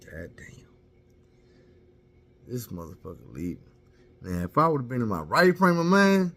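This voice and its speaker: A man's voice: medium pitch, wildly swooping pitch, measured pace, long pauses, a bit bright. Profane man telling a candid story. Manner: profane, candid, self-mocking. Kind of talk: casual personal storytelling.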